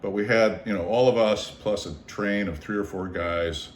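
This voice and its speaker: An older man from the Seattle area, hosting a podcast and telling stories in casual conversation. He is animated, acts out the people in his stories, laughs and repeats words. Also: on the low side, moderate pace, a little hiss or hum. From Seattle area, USA. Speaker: podcast host. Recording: roomy echo.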